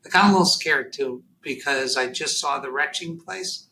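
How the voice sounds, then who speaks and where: A man telling a deeply personal story as a podcast guest, halting and emotional, near tears, with many fillers and restarts. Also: creaky, sharp tone, a little hiss or hum, rough recording.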